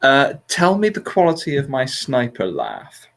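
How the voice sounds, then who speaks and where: A man hosts a relaxed talk show with a middle-pitched voice. He rambles through his points with plenty of "uh"s and chuckles along the way. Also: measured pace, gravelly. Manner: rambling, laughs often, hesitant fillers. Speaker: podcast host. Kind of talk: casual chat.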